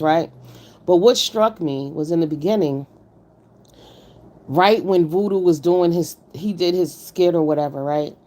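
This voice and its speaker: Woman streamer, blunt, slightly low voice, chatty commentary. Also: a little mellow. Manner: blunt, greets chat viewers by name. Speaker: livestream host reviewing a contest. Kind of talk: casual livestream commentary.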